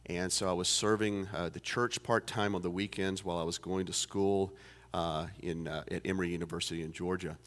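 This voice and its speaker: A man's voice: low-pitched, steady tone, brisk, a bit bright. A pastor in his fifties telling a folksy story during a sermon, with many fillers and restarts. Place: church sanctuary. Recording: long church reverb.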